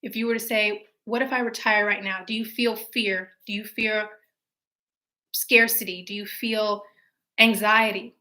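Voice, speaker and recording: A young woman hosting a casual live stream from home, chatting with viewers and telling a dating story in an animated way. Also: medium pitch, measured pace.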